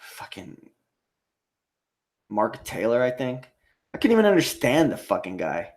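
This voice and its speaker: An American man running a live stream, chatting casually and reading comments from his viewers. He rambles, swears freely and laughs a lot between remarks. His voice sits at an ordinary middle pitch for a man. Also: wildly swooping pitch, measured pace, a little mellow. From United States. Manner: profane, rambling, laughs often, reads viewer comments aloud.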